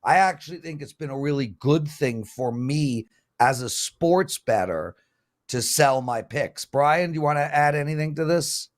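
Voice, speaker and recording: A man's voice: on the high side, expressive, moderate pace. A man hosting a sports betting show, chatty and mocking as he reads out viewer comments and answers them. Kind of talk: casual panel talk.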